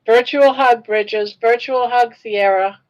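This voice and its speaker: Slow-talking older woman chatting live. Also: a little high, low-quality recording. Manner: chatty, reacts aloud to viewer comments. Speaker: livestream host. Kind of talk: casual live-stream chat.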